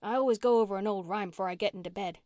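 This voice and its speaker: Brief: woman reader doing a tough, slangy orphan girl, mid pitch, dry close sound. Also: fast, darkish tone, no echo, close to an everyday voice. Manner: slangy, folksy country speech. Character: rough-spoken runaway orphan girl, blunt and touchy.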